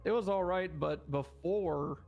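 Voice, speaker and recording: A man's voice: high-pitched, measured pace, vocal fry, muffled recording, faint music behind. A man leading a roleplay meeting in loose, rambling talk, full of swearing and fillers. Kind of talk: casual in-character roleplay chat.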